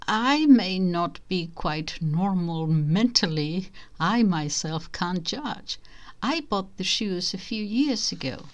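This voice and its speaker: A woman reading a short story aloud in the first person, slow and measured. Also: on the low side, expressive. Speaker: reader.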